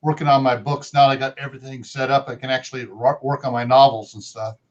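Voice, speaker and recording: A man's voice: medium pitch, level tone, quick pace. A man chatting as a guest on a livestream, joking playfully with mock threats and rambling asides over a video call. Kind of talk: casual joking chat. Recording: dull lo-fi audio.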